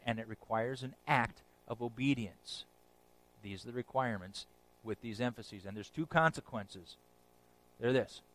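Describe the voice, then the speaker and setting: A man preaching a sermon, emphatic, repeating phrases for weight and dropping to a hush on key words. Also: a little high, no room sound.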